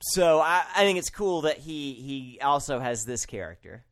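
A man co-hosting a podcast, musing in slow, animated casual chat with fillers. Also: mid-range voice. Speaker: podcast co-host.

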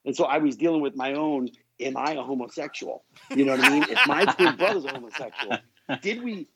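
A man appearing as a podcast guest, telling a story in a loose, animated, profane way full of asides. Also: medium pitch, fairly quick, a loud crowd, rough recording. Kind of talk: casual storytelling.

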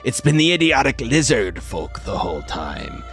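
A man's voice: mid-range voice, very animated, normal speed, a bit bright, faint music behind. A man voicing a treacherous male first mate who stammers and speaks with disdain. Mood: menacing. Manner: stutters on "Captain".

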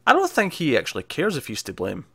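A man's voice: on the high side, huge pitch swings, fast, vocal fry, a bit bright, breathy edge, no echo. A man co-hosting a podcast, casually and animatedly retelling a TV episode and acting out what the characters say. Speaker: podcast co-host.

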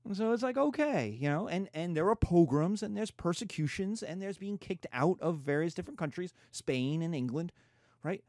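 Lively, mellow-voiced man lecturing. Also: high-pitched, normal speed, no room sound, studio quality. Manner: animated, irreverent, acts out quotes in slangy voices. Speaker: history lecturer. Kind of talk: casual lecture.

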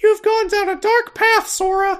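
A man putting on the voice of a squeaky cartoon puppet boy who talks tough. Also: level tone, normal speed, a bit bright. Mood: mock-menacing. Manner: very high, shrill put-on voice.

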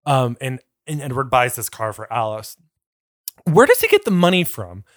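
A man's voice: mid-range voice, sing-song, moderate pace, dry recording, studio quality. A man co-hosting a casual podcast, rambling through tangents and laughing often. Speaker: podcast co-host. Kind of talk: casual chat about books and films. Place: indoors, sitting on the floor.

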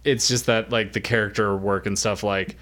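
A young man co-hosting a casual podcast chat, talking quickly and saying "like" often. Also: lowish voice, steady tone, a bit bright. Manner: chatty, heavy use of "like". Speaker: podcast co-host.

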